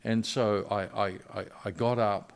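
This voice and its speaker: Man, middle-aged, very low voice, earnest, halting storyteller, podcast guest. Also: fairly even intonation, vocal fry, clear, resonant tone. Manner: earnest, halting retelling with frequent restarts. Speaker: missionary guest. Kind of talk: personal storytelling in a podcast interview.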